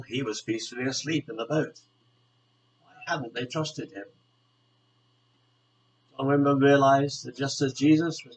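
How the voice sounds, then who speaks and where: A man from a church community reading a devotional reflection aloud in a calm, measured, earnest way. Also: mid-range voice, poor audio.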